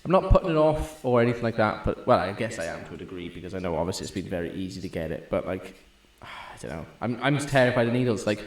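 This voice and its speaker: A man's voice: on the low side, fast, hardly any pauses, echoey room. A young man, co-hosting a podcast in casual chat and retelling stories with lots of swearing. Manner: swearing, storytelling, animated retelling. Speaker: podcast co-host.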